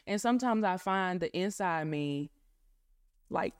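A young woman, a guest on a faith podcast. Her voice sits a little low and sounds smooth and clear. She speaks reflectively and pauses often to search for words. The recording is dry and close. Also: lively intonation, no echo. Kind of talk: casual faith podcast chat.

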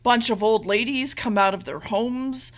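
A woman's voice: a little high, a little slow. A woman podcast co-host casually recapping a TV episode, rambling and swearing freely, with offhand acted quotes.

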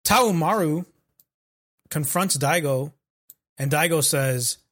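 A man with a voice pitched a bit high chats casually on a podcast, recapping an anime with crude jokes and acted-out character lines. He swears freely and keeps it loose. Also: slow, fairly bright tone. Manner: profane, joking, acts out characters' lines. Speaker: podcast co-host.

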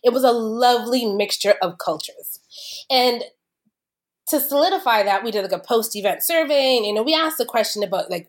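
A woman's voice: fairly high pitch, lively intonation, normal speed. A woman, a wine expert guest, talking in a chatty, explanatory way with many fillers. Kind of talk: casual podcast conversation.

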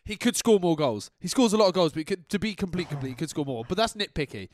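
A man's voice: high-pitched, very animated, fast, darkish tone. A man co-hosting a football podcast in a laddish, joking manner. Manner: laddish, jokey, silly voices. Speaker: podcast co-host. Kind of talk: casual football chat.

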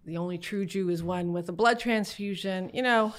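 A middle-aged woman guest on a podcast, telling funny family stories in a casual, animated way, laughing often and acting out what relatives said. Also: mid-range voice, moderate pace. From Canada. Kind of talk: casual storytelling interview.

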